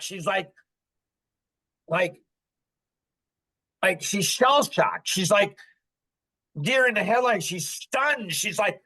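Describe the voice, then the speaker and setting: Bright-voiced older man telling a story. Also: fairly high pitch, low-quality recording. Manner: animated, acts out quotes with sudden loud bursts. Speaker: podcast host. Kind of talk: storytelling to a live group.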